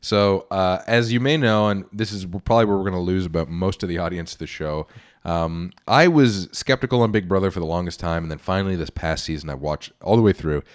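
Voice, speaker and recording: Very deep-voiced man, wry and relaxed. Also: brisk. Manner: relaxed, wry, swears casually. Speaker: podcast host. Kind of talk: casual chat.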